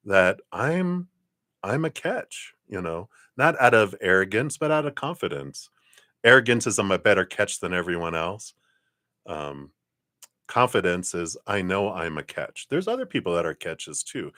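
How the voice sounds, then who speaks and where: A man giving a live tarot card reading, lively and chatty, often clearing his throat and acting out other people's lines. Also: no room sound, studio quality. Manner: animated, acts out other people's lines in high voices.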